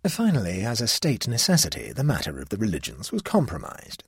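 A male narrator reading a classic tale with a very animated, swinging delivery. His voice sits low and has a strongly husky texture. It is recorded close and dry, with no room sound. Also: a little fast, dry recording. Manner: expressive, storytelling delivery. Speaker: audiobook narrator. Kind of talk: scripted narration.

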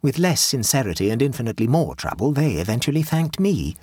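A man voicing a husky, sardonic Edwardian wife. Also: mid-range voice, very animated, fast talker, darkish tone, no room sound. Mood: wearily defiant. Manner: tired defiance, dry wit.

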